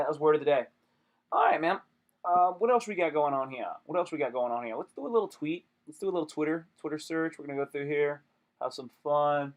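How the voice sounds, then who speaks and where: A young man chatting casually on a live stream, joking and rambling with lots of slang. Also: a little high.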